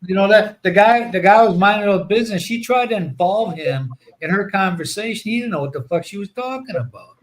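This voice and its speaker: A man's voice: high-pitched, fairly quick, few pauses, low-quality recording. A man hosting a casual show, rambling through profane anecdotes full of fillers.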